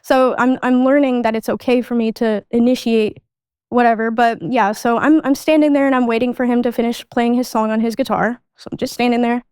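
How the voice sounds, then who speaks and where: Her voice a little high, smooth, and slightly mellow with fairly even intonation, an adult woman briskly tells a podcast about growing up. She speaks casually and uses "like" a lot, in studio-quality audio with no room sound.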